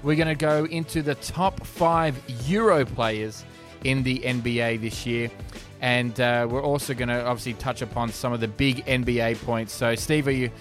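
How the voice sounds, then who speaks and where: A man's voice: mid-range voice, fairly even intonation, moderate pace, a bit bright, soft background music. A man hosting a casual sports podcast, chatty, laughing easily and often restarting his sentences. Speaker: podcast host.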